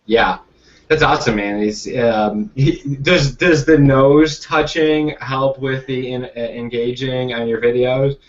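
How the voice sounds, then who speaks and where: A man's voice: medium pitch, steady tone, a little slow. A man hosting a group video call as a coach, talking loosely with many restarts and fillers. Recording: distant, dull lo-fi sound.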